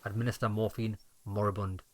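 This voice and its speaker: A man's voice: lowish voice, flat delivery, brisk, lightly acted. A man voicing a frail, bitter old deserter soldier who speaks in grim, clipped phrases.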